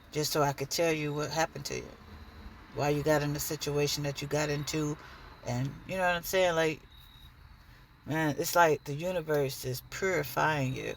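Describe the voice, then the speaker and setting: A woman's voice: deep voice, a little hiss or hum. A woman giving a blunt, profane, preachy monologue straight to the camera in her own vlog. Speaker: dancer and vlogger.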